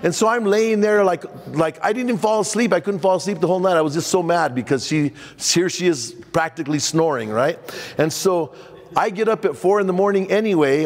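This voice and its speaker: A man, a pastor leading a men's conference workshop, telling a personal story with lively acted-out dialogue. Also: on the high side. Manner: animated storytelling, acting out dialogue. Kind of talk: conference talk with personal stories. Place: large hall before a men's conference crowd. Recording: long hall reverb.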